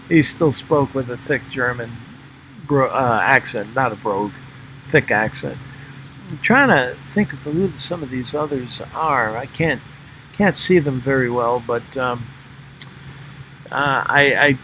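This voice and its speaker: An older man speaks slowly and haltingly, stopping often to search for the next word. His voice has a bright, forward edge. A faint hum sits under the recording. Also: mid-range voice, low-quality recording. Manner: halting, many fillers and restarts. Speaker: former member narrating a history video. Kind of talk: unscripted spoken commentary over photos.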